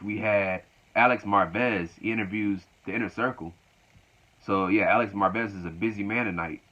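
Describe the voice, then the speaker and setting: A man's voice: on the low side, sharp tone. A man recapping a wrestling show casually, in a loose, repetitive retelling. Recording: dull lo-fi recording.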